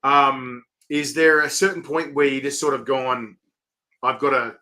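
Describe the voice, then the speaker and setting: A bright-voiced man hosts a relaxed interview. He tells stories with energy and slips into other people's voices when he quotes them. His tone stays loose and easygoing. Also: mid-range voice, a little slow. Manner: chatty storyteller, animated, acts out quotes. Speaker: interviewer and chilli event organiser. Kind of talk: casual chat. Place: online video call.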